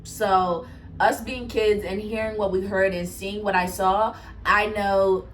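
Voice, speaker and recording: A woman telling a casual storytime, animated, swearing and laughing often. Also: medium pitch, slow pace, recorded from a distance, a little hiss or hum. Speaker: storyteller vlogger.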